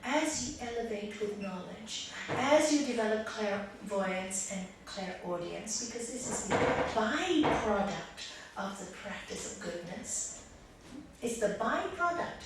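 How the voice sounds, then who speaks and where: A woman yoga teacher giving a spiritual talk, telling stories lively and acting out the characters. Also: mid-range voice, noisy background. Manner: lively storyteller acting out the voices. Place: indoor meeting room of a spiritual group. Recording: echoey room, far from mic.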